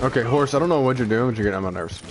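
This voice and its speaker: A young man giving casual gameplay commentary, excitable and quick to rant when things go wrong. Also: mid-range voice, noisy background. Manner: excitable, frequent exclamations, frustrated rants. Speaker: gaming YouTuber.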